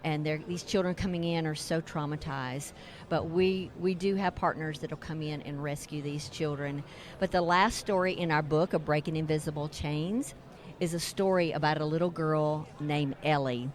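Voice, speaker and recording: At a religious broadcasters convention, a middle-aged woman who co-founded a ministry tells a story during an interview. Her low voice keeps a steady tone at a moderate pace, and she sounds earnest and heartfelt.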